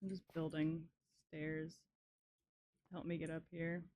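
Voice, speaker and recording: A young woman chatting casually with her viewers while playing a game, swearing often and reacting loudly to chat messages. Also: sits low, flat delivery, slow pace. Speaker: streamer. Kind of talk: casual live-stream chat while gaming.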